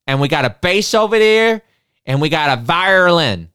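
A woman doing a loud Boston strongman. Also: fairly low pitch, big pitch swings, moderate pace, clear, resonant tone, voice pushed up. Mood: blunt. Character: big bald strongman-like man, gruff and blunt.

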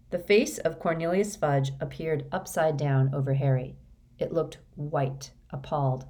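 A woman narrating an audiobook in a measured, even read. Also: sits low. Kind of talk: scripted narration.

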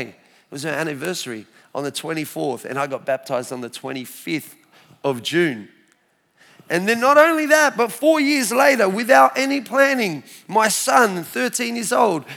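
A man in his forties with an Australian accent, telling his faith story to a church crowd in a lively, storytelling way. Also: high-pitched. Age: 40s. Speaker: speaker sharing his testimony. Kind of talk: church testimony talk.

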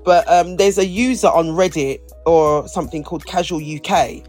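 At a moderate pace, a woman with a lowish, darkish voice co-hosts a podcast while faint music plays behind her. Her talk is casual, playful and rambling, with many restarts.

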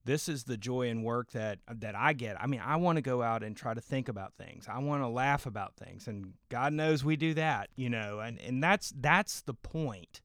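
A man's voice: medium pitch, normal speed, few pauses, a bit bright, dry recording, studio quality. A man co-hosting a podcast in casual chat, easygoing and agreeable, often restarting his sentences. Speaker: podcast co-host.

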